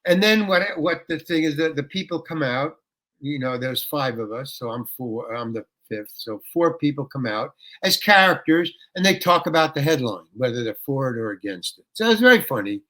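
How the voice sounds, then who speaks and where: Older man, rambling and bright-toned. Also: mid-range voice, lively intonation, moderate pace. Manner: rambling anecdote with restarts, bursts into ranting. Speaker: guest actor. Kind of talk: interview storytelling.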